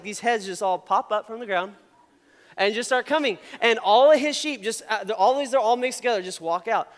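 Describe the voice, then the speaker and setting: A man giving a casual, animated sermon, talking with a conversational tone and frequent "okay?" asides. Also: high-pitched, smooth, in a large hall.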